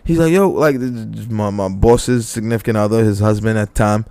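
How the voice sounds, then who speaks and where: A man's voice: lowish voice, fairly quick, no room sound. A young man co-hosting a podcast, telling a story in casual chat, swearing freely and acting out quoted lines. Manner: animated, swearing, acts out quotes in a raised voice. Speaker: podcast co-host.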